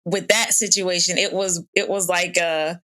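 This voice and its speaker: A woman in casual podcast chat, animated and storytelling, acting out quoted voices. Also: fairly low pitch, normal speed. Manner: animated storytelling, laughs often, acts out quotes. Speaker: podcast guest.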